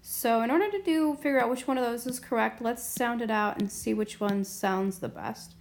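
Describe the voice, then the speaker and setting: A woman's voice: a little high, moderate pace, gravelly, a little hiss or hum. A woman teaching a language grammar lesson at a whiteboard, patient and explaining step by step. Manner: patient, explains step by step, often asks "okay?". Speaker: Spanish teacher.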